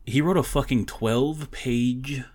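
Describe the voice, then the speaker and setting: A man's voice: mid-range voice, unhurried, a little mellow. A man on a casual podcast, blunt and profane, giving short reactions and telling a brief work story. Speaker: podcast co-host.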